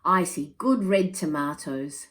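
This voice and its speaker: A woman's voice: fairly low pitch, takes it slowly, a bit bright. A woman voicing an indignant old grandpa. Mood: cheerful. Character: excitable old grandfather, insistent.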